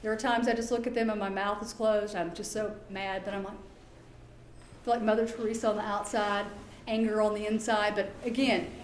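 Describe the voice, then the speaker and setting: A woman giving a talk to parents as a behavior specialist. She is chatty and lively and often acts out quoted dialogue. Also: mid-range voice, moderate pace, roomy sound, a little hiss or hum. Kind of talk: presentation to an audience.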